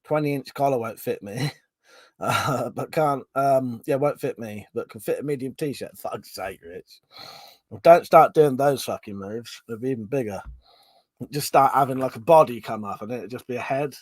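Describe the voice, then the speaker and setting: A man's voice: mid-range voice, normal speed, no room sound. A man hosting a livestream, chatting casually and reading viewer comments aloud, laughing often and swearing freely. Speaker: livestream host.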